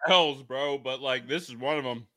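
A man's voice: mid-range voice, moderate pace, a crowd in the background. A drunk man on a podcast, rambling and apologizing for a bit that flopped. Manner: rambling, self-deprecating. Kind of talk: casual banter.

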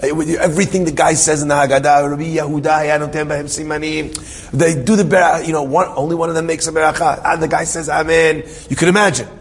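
Male preacher with a slightly high voice, emotional storyteller, long hall reverb. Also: steady tone, quick pace, few pauses, slightly rough. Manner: emotional, with frequent restarts and repeated phrases. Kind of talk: dramatic storytelling sermon. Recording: reverberant hall with faint ambience.

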